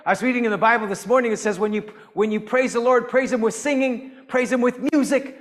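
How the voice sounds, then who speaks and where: Lively lay preacher, man, high pitched, lots of rhetorical questions, church hall echo. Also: quick pace, few pauses. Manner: animated, folksy, asks the room questions. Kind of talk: intergenerational church teaching. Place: church sanctuary.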